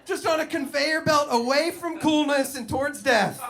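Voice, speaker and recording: Man, twenties, stand-up comedy, self-deprecating, lively storytelling, high-pitched. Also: moderate pace, gravelly.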